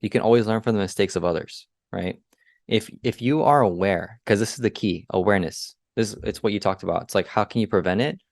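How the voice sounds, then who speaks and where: Young male co-host, low voice, dry close sound, energetic motivational chat, lots of rhetorical questions. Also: fairly quick, vocal fry, no echo. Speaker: podcast co-host and business coach. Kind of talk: casual motivational talk.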